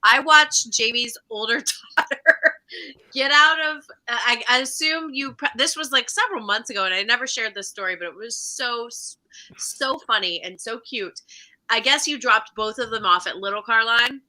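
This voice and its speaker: A woman's voice: fairly high pitch, normal speed, bright, forceful tone, low-quality recording. A woman co-hosting a casual chat, telling a story in a gushing, giggly way.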